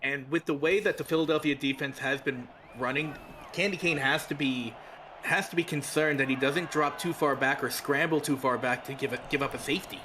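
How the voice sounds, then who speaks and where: A man's voice: mid-range voice, steady tone, fairly quick, sharp tone, slight background noise. A man with a New York accent giving analytical color commentary on a football game, breaking down stats and plays.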